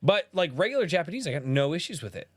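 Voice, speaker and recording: A man hosting a casual podcast chat, loud and passionate, swearing often. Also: a little high, very animated, fast, no room sound, studio quality. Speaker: podcast host.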